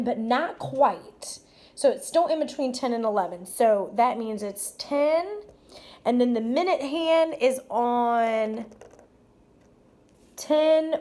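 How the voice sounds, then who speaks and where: A woman teacher talks through math problems out loud, one step at a time. Her voice sits fairly high, and her manner is upbeat and encouraging as she praises her listeners. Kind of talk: math lesson walkthrough.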